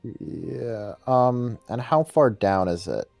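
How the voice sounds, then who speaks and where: A man's voice: medium pitch, takes it slowly, vocal fry, a little mellow, faint music behind. A man playing a tabletop game over voice chat, speaking unhurriedly and hesitantly with many ums as he plans his turn. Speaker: player.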